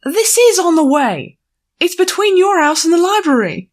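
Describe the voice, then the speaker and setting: A woman's voice: very high-pitched, sing-song, moderate pace, pitched above the performer's own voice. A woman voicing a playful, cheeky young mare pony who teases her friend in an audiobook. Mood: teasing. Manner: breezy, teasing, feigned innocence. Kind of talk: audiobook character voice.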